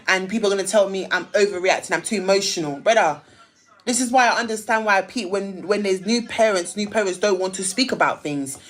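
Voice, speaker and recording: A woman's voice: mid-range voice, a little fast. Ranting woman on a livestream. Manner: emphatic, repetitive, ranting. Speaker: live streamer. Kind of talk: heated live-stream rant.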